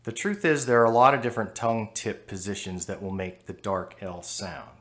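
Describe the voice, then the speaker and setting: Speaking in a lowish, fairly bright voice, an American man from the United States gives a patient pronunciation lesson. He explains and demonstrates the sounds in a measured way.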